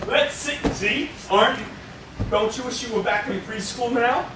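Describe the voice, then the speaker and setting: A male karate instructor coaching children in class, playful and teasing, bursting into excited shouts, in an indoor studio. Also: very high-pitched, unhurried, heavy background noise.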